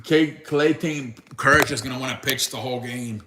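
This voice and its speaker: A man's voice: mid-range voice, normal speed, background noise. A man hosting a live sports stream, chatting casually with viewers in a rambling, profane way.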